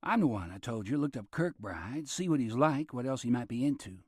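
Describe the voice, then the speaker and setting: A man narrating a thriller audiobook, shifting his pitch as he voices different characters. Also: lively intonation, a little fast, darkish tone, breathy edge, dry recording, studio quality. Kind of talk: scripted narration.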